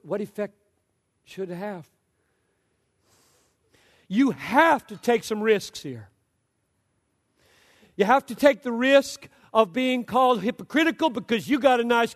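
Impassioned preacher man in echoing hall. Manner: impassioned, swings from loud exhortation to low hushed storytelling. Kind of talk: sermon.

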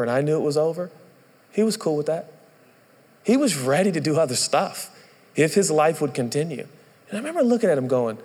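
Pastor in a reverberant hall. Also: male voice, on the high side. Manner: candid, self-deprecating, quotes his father in a softened voice. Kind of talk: sermon storytelling.

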